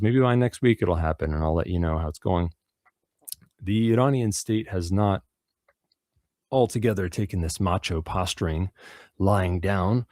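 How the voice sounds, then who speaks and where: A man's voice: low-pitched, darkish tone, no echo, clean studio sound. A man hosting a radio show, giving loose, profane news commentary full of fillers and restarts.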